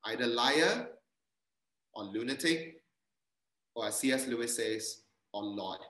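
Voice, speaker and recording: A man's voice: medium pitch, lively intonation, takes it slowly, pushed and bright, reverberant, low-quality recording. A male pastor, giving an interactive sermon and quizzing his congregation. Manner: asks the congregation questions and reads their answers aloud. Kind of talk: interactive sermon with online quiz.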